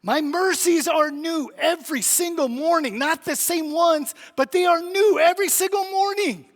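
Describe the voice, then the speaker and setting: A tender, sorrowful God pleads over and over, as a high-voiced male preacher speaks for him. The words carry a long reverb through a church sanctuary. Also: normal speed. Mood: pleading. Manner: repeats one aching question. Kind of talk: sermon.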